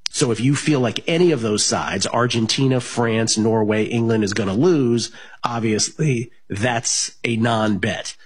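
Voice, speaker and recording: A man's voice: fairly low pitch, husky. A man hosting a sports betting radio show, talking casually with plenty of fillers and restarts. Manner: rambling, many fillers and restarts.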